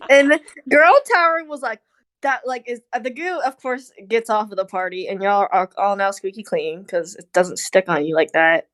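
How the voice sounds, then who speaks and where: A woman's voice: mid-range voice, normal speed, fairly bright tone, dry recording, studio quality. A young adult woman narrating a tabletop game as dungeon master, giggling between lines.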